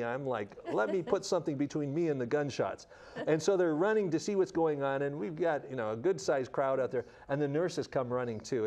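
A middle-aged man telling stories in an interview as a children's missionary, acting out the people he quotes. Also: a little high. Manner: animated storyteller acting out quotes. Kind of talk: storytelling in an interview.

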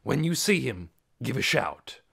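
A man shouting as a bossy gruff captor. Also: mid-range voice, very animated, unhurried, heavily acted. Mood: barking orders. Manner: shouting orders. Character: bossy gruff adult male captor, bellowing orders.

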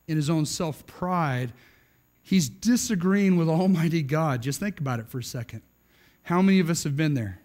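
A man's voice: a little high, a little mellow. A middle-aged man preaching a sermon in an emphatic, conversational way, often tagging lines with "right?". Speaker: pastor.

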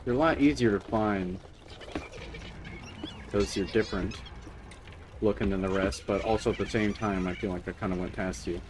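A man's voice: fairly low pitch, normal speed, pauses often, noisy background. A young man giving nervous, chattering commentary while playing a horror game and talking to the game. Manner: jittery, talks to the game, nervous chuckles. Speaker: gamer.

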